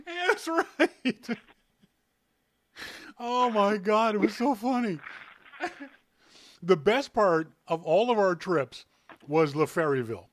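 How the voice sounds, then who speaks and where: A man's voice: high voice, measured pace, pauses often. A Canadian man hosting a podcast, telling stories in a casual chat and laughing often. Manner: animated storyteller, laughs often. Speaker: podcast host.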